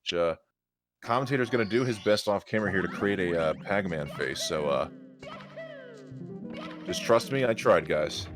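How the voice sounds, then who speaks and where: Guy with a deep voice doing hyped speedrun play by play, music going behind. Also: normal speed, pauses often. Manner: energetic, joking play-by-play. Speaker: speedrun commentator. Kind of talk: live esports commentary.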